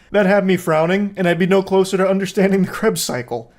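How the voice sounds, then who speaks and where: A man's voice: sits high, fairly even intonation, fast. A man giving casual, sardonic online commentary, swearing freely and joking between points. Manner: sardonic, profane, jokey asides. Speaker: commentary host.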